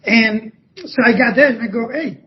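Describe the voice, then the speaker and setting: A Spanish-speaking man from Cuba with a Cuban Spanish accent, a podcast guest telling stories in a halting way that often restarts phrases. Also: very high-pitched, background noise. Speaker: podcast guest, former ballet dancer. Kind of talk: conversational interview storytelling. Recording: dull lo-fi podcast audio.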